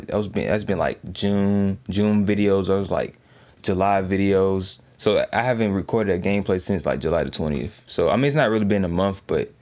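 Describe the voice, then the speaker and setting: A man's voice: sits low, darkish tone. A young man with a Southern US accent doing casual, slangy gameplay commentary, rambling and nervous. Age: young adult. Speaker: gaming YouTuber.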